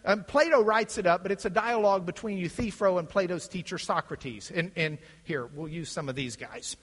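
A man's voice: sits high, normal speed, breathy edge. A middle-aged man giving a classroom lecture, acting out the voices in his quotes. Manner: animated, acts out voices in quotes. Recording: echoey hall.

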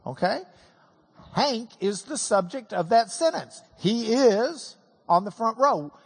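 A preacher teaches scripture in a folksy, joking sermon, with a husky voice that swings widely up and down. The delivery is unhurried. It is recorded with a long reverb from a large hall. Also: mid-range voice, expressive.

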